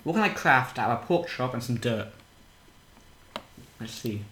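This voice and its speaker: A man's voice: mid-range voice, lively intonation, normal speed, fairly bright tone. A man from England rambling and joking through gameplay as a podcast co-host, swearing often. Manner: rambling, silly, swears a lot. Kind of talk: joking gameplay chat in character. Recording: echoey room with faint noise.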